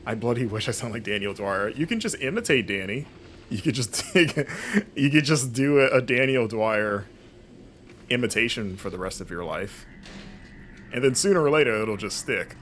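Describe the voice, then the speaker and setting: A young man from the US, who streams and reviews games, chats loosely over his gameplay in a mid-range, animated voice with a fairly bright tone and moderate pace. He laughs easily and breaks into playful impressions, with a little hiss or hum on the recording.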